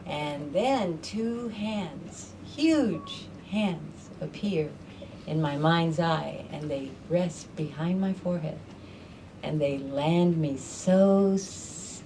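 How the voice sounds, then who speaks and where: A middle-aged woman telling a personal story to a live audience in an animated, conversational way, acting out other people's voices. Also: fairly low pitch, distant mic, a little hiss or hum. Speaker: storyteller host.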